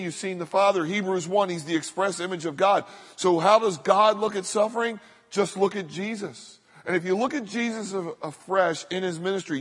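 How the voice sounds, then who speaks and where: A man preaching a sermon from the pulpit, his fairly high voice carrying a long reverb through a big hall. He speaks as an earnest pastor, often slowing down and softening to repeat short phrases for weight. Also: slightly rough. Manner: earnest preaching that drops to soft slow repetitions for emphasis.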